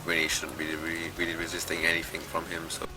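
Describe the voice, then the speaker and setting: Deep, even-toned male game analyst. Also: quick pace. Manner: analytical, methodical, with hesitations and fillers. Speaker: esports commentator. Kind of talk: live game commentary. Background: background music.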